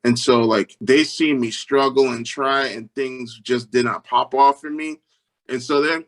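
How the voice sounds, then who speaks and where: A man tells his story as a guest in an interview, earnest and a little halting, and he often starts a sentence over. His voice sits at an ordinary middle pitch. When he quotes other people he leaps up into high, animated voices.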